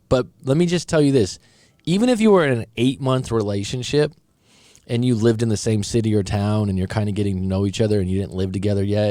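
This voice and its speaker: A man's mellow voice, on the low side, comes through a studio-quality recording without echo. He's a breakup coach sharing a viewer's story and commenting plainly and casually, musing aloud with a few stumbles.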